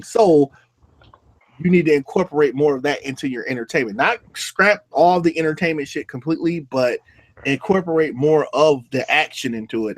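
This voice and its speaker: A young man co-hosting a casual livestream chat, swearing freely and laughing often. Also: on the high side. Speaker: livestream co-host.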